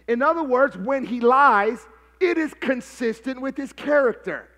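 A pastor preaching a live sermon, calling on his congregation to answer back and building to shouted, sing-song passion. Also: extremely high pitch, moderate pace. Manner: call-and-response preaching, prompting the congregation.

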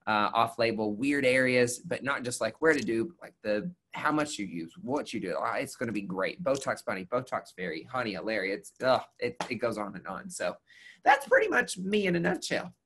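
A man with a Tennessee country accent, a nurse talking as a guest on a webinar in a chatty, sassy, animated way over a video call. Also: fairly low pitch, moderate pace, hardly any pauses. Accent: Southern US, Tennessee. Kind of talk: casual webinar interview.

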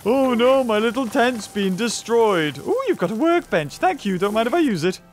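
A man hosting a let's play, chatting excitably and talking to the creatures on screen. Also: very high voice, moderate pace, faint music behind. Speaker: gaming channel host.

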